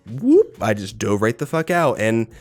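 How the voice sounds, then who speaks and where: A young American man in his twenties answering viewer questions in a casual vlog, swearing often and throwing in animated asides. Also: medium pitch, measured pace, soft background music. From United States. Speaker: YouTube creator.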